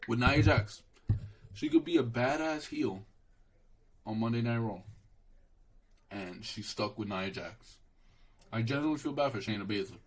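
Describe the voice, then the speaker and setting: A man's voice: mid-range voice, measured pace, long pauses, slightly rough, poor audio. A young man giving a casual solo wrestling show review, swearing and dismissive, rambling with restarts and calling the listener bro.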